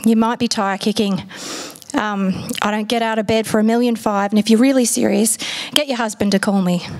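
A gruff, condescending middle-aged builder who brushes off a customer, as a woman briefly puts him on. Blunt and unimpressed. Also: mid-range voice, fairly even intonation, brisk, a little mellow, lightly acted. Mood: dismissive.

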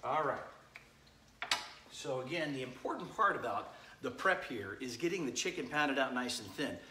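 A middle-aged man runs a relaxed live cooking demo at home, calling out viewers by name as the chicken fries. His mid-range voice has lively intonation and an unhurried pace. The recording catches kitchen echo and the faint sizzle of a frying pan.

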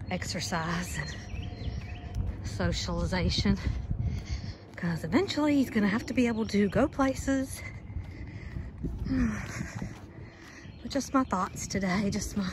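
A middle-aged woman chatting casually while walking a trail, out of breath and reminiscing as she films on her phone. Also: medium pitch. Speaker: vlogger. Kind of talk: casual walking vlog narration. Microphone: handheld phone. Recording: noisy outdoor phone audio. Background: running water, birds, passing vehicles.

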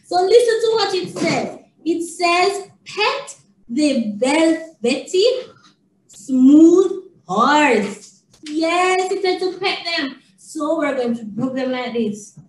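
A woman's voice: high-pitched, lively intonation, takes it slowly. A woman early childhood educator reading a picture book aloud to a small child, sing-song with lots of praise and questions. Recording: echoey room, distant mic.

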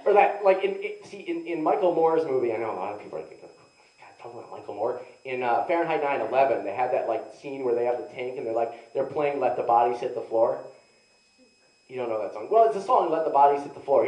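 A man's voice: mid-range voice, a little mellow, dull audio. Young adult male stand-up comic, loose self-mocking delivery, roomy live sound. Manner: rambling, self-mocking, heavy use of "like". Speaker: stand-up comedian. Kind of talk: stand-up comedy storytelling. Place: live comedy venue. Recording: echoey room, mic heard from a distance.

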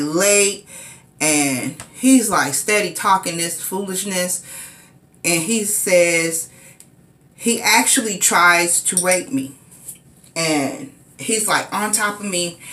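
Woman recounting her own story, unhurried and repetitive, recorded in a reverberant room. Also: lowish voice, a bit bright. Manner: rambling, repetitive, conversational with many fillers. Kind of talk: casual personal storytime.

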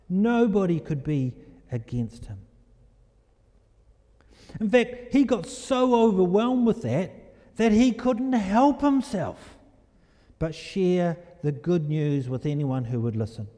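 A man preaching a sermon in a church, animated and storytelling, asking the congregation questions. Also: high voice, measured pace, pauses often. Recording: echoey hall reverb.

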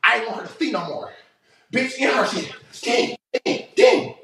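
A breathless man livestreaming, loudly acting out a fight story with profanity and sound effects. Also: high voice, lively intonation, fairly quick, gravelly, far from the mic. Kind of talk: animated storytelling. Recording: roomy echo, faint noise.

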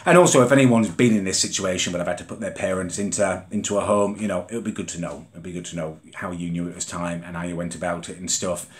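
A man's voice: low voice, fairly even intonation, quick pace, few pauses. A young Englishman venting in a vlog, exasperated and indignant as he rants about his mother. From England. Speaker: vlogger. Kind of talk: comedic rant vlog.

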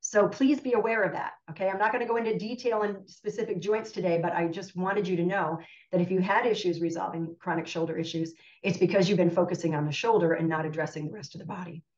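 A woman's voice: on the low side, steady tone, quick pace, a little mellow. A woman physical therapist and nutrition educator giving an emphatic talk, often checking in with "right?". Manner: emphatic, asks "right?" a lot. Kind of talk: guest presentation. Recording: distant roomy lo-fi audio.

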